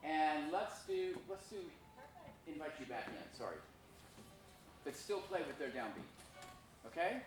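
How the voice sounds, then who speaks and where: A man's voice: a little high, animated, unhurried, long pauses. A man teaching a school orchestra masterclass, frank and self-deprecating, singing phrases to show what he means. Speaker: visiting violinist teaching a masterclass. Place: school rehearsal room, echoey. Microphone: recorded from afar by a room camera. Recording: echoey room, distant, noisy.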